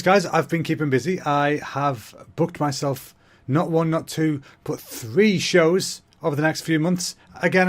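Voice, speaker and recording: A young man, hosting a comedy podcast in a rambling, self-mocking monologue, talking quickly. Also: a little high.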